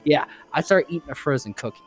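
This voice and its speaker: Give me a young man co-hosting a casual podcast, telling a rambling, profane story in an excitable way. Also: fairly high pitch, fast, over music. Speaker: podcast co-host.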